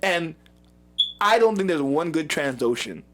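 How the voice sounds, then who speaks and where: A man with a high voice chats about a show he loves, swooping up and down as he talks. He is excitable and animated, and he laughs often. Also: unhurried, a little hiss or hum. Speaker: co-host of a fan review show. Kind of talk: casual chat.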